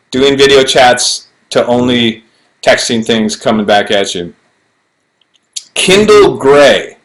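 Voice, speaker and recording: A middle-aged actor chatting alone to a webcam during a fan Q&A, playful and rambling with self-mocking asides, recorded on low-quality livestream audio. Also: male voice, fairly bright tone. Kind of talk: casual chat to webcam. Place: home, alone in front of a camera.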